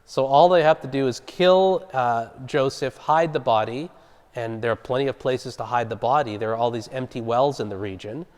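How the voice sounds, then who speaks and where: A man of ordinary pitch leads a Bible study, explaining the passage in a relaxed, conversational way and stopping to quiz his listeners. His voice rings with the long reverb of a large church hall. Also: moderate pace. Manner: conversational, explaining and asking the group questions.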